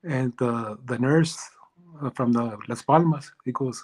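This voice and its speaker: Man, interview guest, halting speech, many restarts, mid-pitched voice. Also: a little mellow, slight background noise, poor audio. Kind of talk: live interview, personal story.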